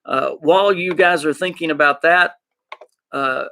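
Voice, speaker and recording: Hyped arkansas guy rambling to his stream chat, gravelly, kinda bright and higher pitched. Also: unhurried. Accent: Arkansas Southern US. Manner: excited, rambling, talks to chat. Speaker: gaming podcast host. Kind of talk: casual live-stream chat.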